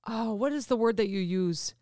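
A woman's voice: a little high, normal speed, warm tone, no echo, clean studio sound. A woman hosting a casual chat, sympathetic and chatty, sharing her own work stories. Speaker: podcast host.

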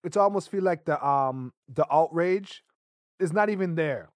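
A man with a notably high voice laughs, teases and tosses in quick reactions on a podcast. The sound is close and dry. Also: dry recording. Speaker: podcast co-host. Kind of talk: casual chat.

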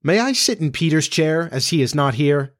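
A man voices a grumbling young boy in a storybook, speaking a little high and animated at normal speed. The dry, studio-quality recording has him pitched above his own voice, though still close to an everyday one.

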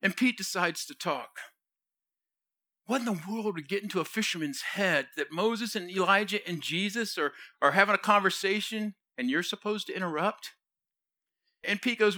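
A man's voice: sits high, normal speed, sharp tone. A man preaching a sermon, retelling scripture in casual modern speech and briefly acting out the voices of the people in it. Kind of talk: storytelling sermon.

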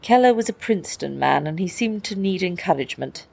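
A woman reading a literary story aloud as audiobook narration, in a measured, descriptive manner. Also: on the low side, animated, vocal fry, a little mellow, husky. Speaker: audiobook reader.

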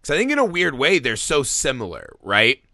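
A man's voice: medium pitch, a little fast, no echo, clean studio sound. A man in a casual film discussion, telling stories with plenty of swearing. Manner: animated storyteller, swears freely. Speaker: podcast co-host.

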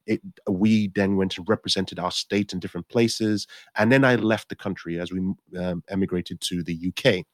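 Low-voiced man telling his story. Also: moderate pace, few pauses, no room sound, studio quality. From Nigeria. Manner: rambling with frequent restarts and self-corrections; animated, acts out his own past thoughts. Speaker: actor guest. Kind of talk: conversational storytelling.

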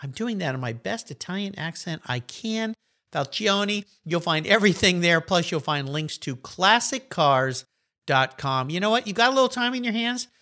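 A man's voice: sits high, animated, normal speed, pushed and bright. A male podcast host chatting in a friendly, upbeat and encouraging way. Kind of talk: casual interview chat.

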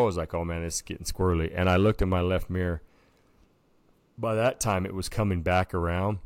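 A low-pitched man with vocal fry co-hosts a casual podcast, telling a story animatedly and peppering it with filler words. There's no room sound.

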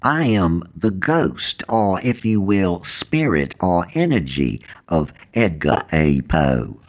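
A man voicing the courtly ghost of a Victorian poet, speaking softly and formally with a Southern accent. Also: deep voice, very animated, pitched below the performer's own voice, full character voice. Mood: calm. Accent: Southern American. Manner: soft, formal, slow and deliberate.

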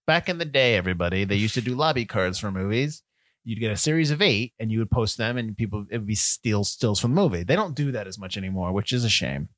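Man, casual film chat, animated, acts out quotes, laughs often, dry close-miked sound. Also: fairly low pitch, quick pace, no room sound. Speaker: podcast co-host. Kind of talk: casual chat about films.

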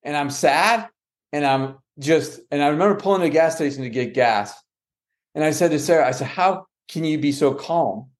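A man's voice: a little high, a little fast. Man telling a family story, full of restarts. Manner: lively, quotes others with "she goes" and "I said"; frequent restarts and self-corrections. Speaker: guest, adoptive father. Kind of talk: storytelling in a podcast conversation.

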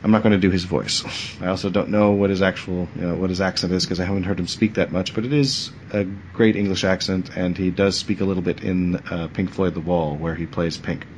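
A man's voice: deep voice, steady tone, brisk, a little hiss or hum. A man in his forties, chatting casually as a podcast host, rambling and jokey, often trailing off. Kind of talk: casual chat.

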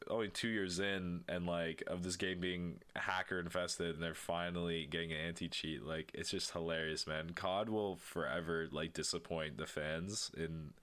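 Deep-voiced laid-back gamer man. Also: a bit bright. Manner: laid-back, swears freely, trails off with fillers. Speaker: podcast co-host. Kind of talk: casual gaming chat.

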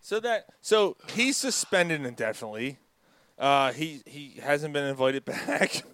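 A man hosting a casual sports podcast with friends, laughing often and firing off quick asides. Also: fairly high pitch, expressive, fairly bright tone, slight background noise. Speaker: podcast host.

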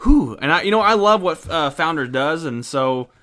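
A man hosting a casual podcast, bluntly reviewing a beer and recapping wrestling, excitable, swearing and laughing often, with many restarts. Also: on the high side, normal speed. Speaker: podcast host.

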